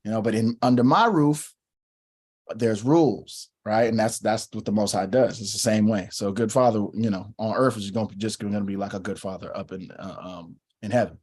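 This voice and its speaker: A man's voice: fairly low pitch, a little fast, husky. A man in his thirties telling stories in a casual religious discussion, acting out quotes as he goes. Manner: animated storyteller, acts out quotes. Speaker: co-host.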